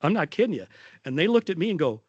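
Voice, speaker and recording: Middle-aged male nurse leader at a podium, animated anecdote, dry mic. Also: on the high side, fast, dry recording, dull audio. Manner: animated storytelling with voiced quotes. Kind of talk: conference talk.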